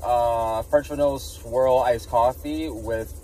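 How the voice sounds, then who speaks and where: A man vlogging from inside his car, ranting with animated outbursts and talking into a phone he holds in his hand. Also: mid-range voice, slow pace, far from the mic, a little hiss or hum, rough recording. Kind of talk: casual car vlog chat. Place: inside a car at a drive-thru. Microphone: phone held in hand.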